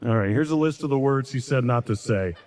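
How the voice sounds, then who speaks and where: Self-mocking stand-up comic in a hall. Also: male voice, brisk, darkish tone, a little hiss or hum. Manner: self-deprecating, jumps into high-pitched voices for quoted people. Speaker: stand-up comedian. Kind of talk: stand-up comedy set. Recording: echoey hall reverb.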